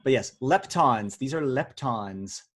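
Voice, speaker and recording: A man's voice: medium pitch, animated, slow. A man hosting a live online word quiz over a video call, chatty and teasing as he jokes with the players. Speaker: quiz host. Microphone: video call audio.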